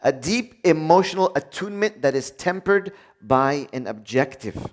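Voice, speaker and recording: A middle-aged man preaching a sermon in a loose, conversational way, acting out what people say to each other. His voice sits fairly high and swings widely in pitch. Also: moderate pace. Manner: lively, conversational, acts out quoted voices.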